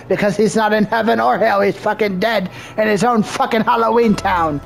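A man's voice: high-pitched, steady tone, normal speed, vocal fry, hardly any pauses, slight background noise. A man ranting and swearing constantly while commenting on a video game he is playing. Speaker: gamer. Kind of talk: profane gameplay commentary.

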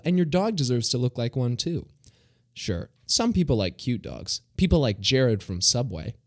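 A man's voice: mid-range voice, darkish tone. A man voicing a brash, boastful male ad announcer in a mock commercial. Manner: hard-selling, boastful.

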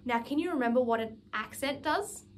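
A woman with a high, light voice leads a saxophone lesson. She speaks patiently, breaking each exercise into small steps and counting the rhythm aloud. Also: expressive, brisk, a little hiss or hum. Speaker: music teacher.

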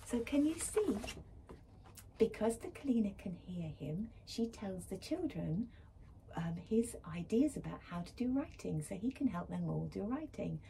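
A woman reading a picture book aloud to schoolchildren, gentle and expressive, often dropping to a whisper. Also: medium pitch, unhurried, gravelly, slight background noise. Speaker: school librarian reading to pupils.

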